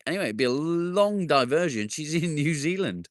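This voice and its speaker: A man's voice: medium pitch, very animated, moderate pace, hardly any pauses, fairly bright tone, dry recording, studio quality. A man hosting a casual live stream outdoors in his garden, bantering with viewers, joking, and swearing now and then. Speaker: livestream host.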